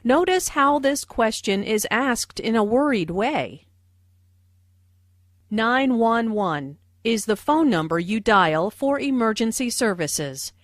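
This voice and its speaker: A woman acting out a short everyday dialogue and explaining its phrasing in clear language notes for English learners. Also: fairly high pitch, expressive, no room sound, studio quality. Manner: slow, clear teaching delivery. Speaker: English teacher.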